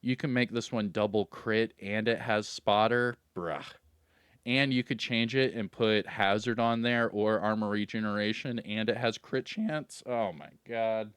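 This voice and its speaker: A man's voice: lowish voice, unhurried, a bit bright, clean tone, no room sound, clean studio sound. A man hosting a gaming video, casually running through in-game vendor items and getting hyped about good loot.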